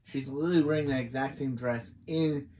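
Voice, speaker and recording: A man's voice: mid-range voice, fairly even intonation, a little fast, warm tone, slight background noise. A man casually recapping a TV episode, reading out the characters' lines and adding his own puzzled asides. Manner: chatty, reads characters' lines aloud between puzzled asides. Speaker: TV episode reviewer.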